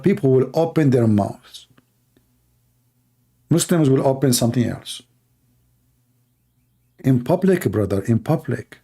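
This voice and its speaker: Male host, somewhat high and mellow voice, sarcastic running commentary, repetitive, non-standard grammar. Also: slightly rough. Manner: sarcastic, repeats himself, broken English grammar. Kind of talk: mocking commentary on a video.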